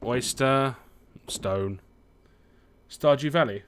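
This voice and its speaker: A man's voice: mid-range voice, drawn-out words, a bit bright, a little hiss or hum. A young British man from the UK, chatting casually while he plays a farming game, swearing often and humming to himself. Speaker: gaming streamer. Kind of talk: casual let's-play commentary.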